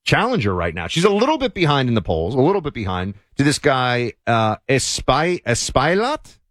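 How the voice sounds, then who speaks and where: Animated sardonic male talk host. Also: mid-range voice, normal speed, no echo, clean studio sound. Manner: sardonic, rambling with frequent restarts. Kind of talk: opinionated political commentary.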